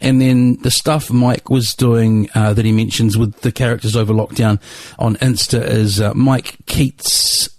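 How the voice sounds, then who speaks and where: A male podcast host talks through an episode recap at a middling pitch, rambling and hesitant, with plenty of fillers. The sound is close and dry with no room echo. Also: little pitch movement, a little slow, darkish tone. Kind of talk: solo podcast outro.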